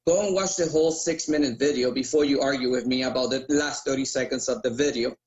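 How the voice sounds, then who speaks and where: A man's voice: mid-range voice, fast talker, muffled recording. A man from Puerto Rico, a radio host and guest in a casual interview, explaining his points and checking in with "right?". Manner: explanatory, keeps asking "right?".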